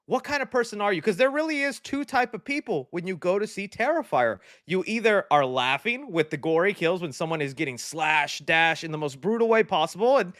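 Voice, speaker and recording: Excitable high-voiced man on a live stream. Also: a little fast, few pauses, no room sound, studio quality. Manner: excitable, laughs often, animated shifts in pitch. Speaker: host of a live movie review stream. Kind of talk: casual live-stream chat reading comments.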